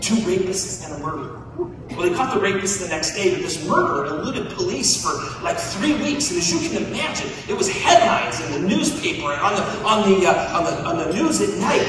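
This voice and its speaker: A man tells a funny story at a banquet in a playful, animated way, talking straight to the crowd. His voice sits high. The recording catches him from far off in a big, echoey hall with room noise behind. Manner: animated, playful, addresses the audience directly. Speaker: banquet speaker. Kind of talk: humorous storytelling speech.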